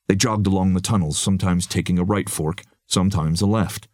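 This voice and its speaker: A man with a lowish voice reads an action story aloud in a steady, even way. The recording is dry and close, with no room sound around it. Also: brisk, few pauses, dry recording. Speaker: audiobook narrator. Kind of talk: scripted narration.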